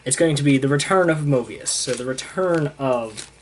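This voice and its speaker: A young man chats through a comic storyline in a loose, casual way, slipping into quick paraphrases of what each character says. His voice sits at an everyday middle pitch, and he sounds like he is talking at home for his viewers. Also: slight background noise. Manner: casual, retells scenes with "he's like" paraphrases. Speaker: comic book reviewer. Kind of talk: casual recap.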